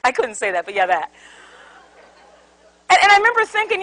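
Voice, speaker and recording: A woman's voice: high-pitched, wildly swooping pitch, brisk, a bit bright, poor audio. A woman giving an interactive seminar talk on conflict resolution to a live audience. She tells stories animatedly, acts out quotes and asks the room questions.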